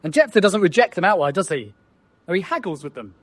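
High-voiced man preaching, rhetorical questions. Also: sing-song, a little fast. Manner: rhetorical, asks the listeners questions. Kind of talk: sermon.

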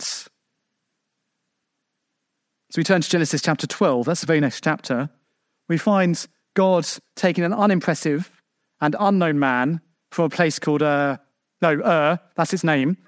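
Emphatic high-voiced preacher, dry sound. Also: male voice, no room sound. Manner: emphatic, rhetorical questions to the congregation; shifts pitch sharply for emphasis. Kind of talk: sermon.

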